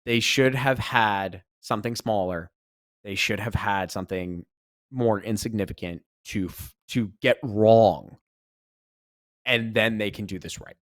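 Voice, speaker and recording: A man co-hosting a casual podcast, telling a story with animation, rising loud when exasperated and swearing freely. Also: on the low side, measured pace, no room sound, clean studio sound. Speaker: podcast co-host, esports commentator.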